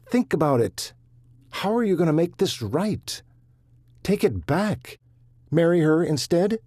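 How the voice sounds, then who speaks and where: A man voicing a quick-witted young ranch son who presses hard with blunt questions. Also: on the high side, very animated, darkish tone, no echo, studio quality, pitched above the performer's own voice. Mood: exasperated.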